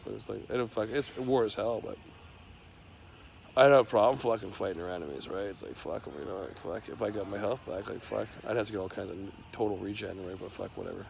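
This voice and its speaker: Gravelly man rambling profanely. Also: lowish voice, fairly even intonation, fast talker, a little mellow, slight background noise. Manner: rambling, profane stream of talk. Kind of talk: unscripted monologue to camera.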